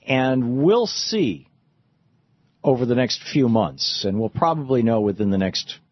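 A man's voice: mid-range voice, expressive, measured pace, breathy edge, dry recording, lo-fi sound. A middle-aged man hosting a talk radio monologue, rambling with frequent restarts and fillers. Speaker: radio host.

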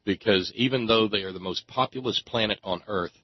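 Husky sarcastic ranting man. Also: on the low side, brisk, no echo, muffled recording. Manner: sarcastic, angry, swears freely. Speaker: political commentator. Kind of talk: ranting commentary.

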